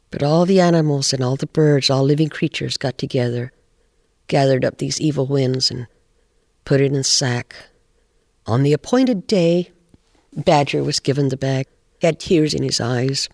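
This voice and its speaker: A man's voice: medium pitch, vocal fry, dry recording. Man telling a folk tale, dry close sound. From Pacific Northwest. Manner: measured, animated storytelling. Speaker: storyteller. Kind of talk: oral folk storytelling.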